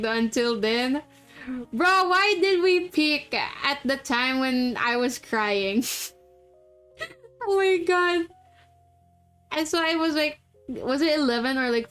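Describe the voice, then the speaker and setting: A woman's voice: high-pitched, fairly bright tone. A young woman from the Philippines streaming live, chatting casually and laughing often while setting up a game. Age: young adult. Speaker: VTuber streamer.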